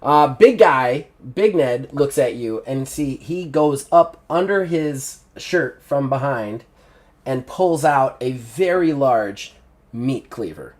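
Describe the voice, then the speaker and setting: A man narrating as game master, animated and quick to laugh. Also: medium pitch.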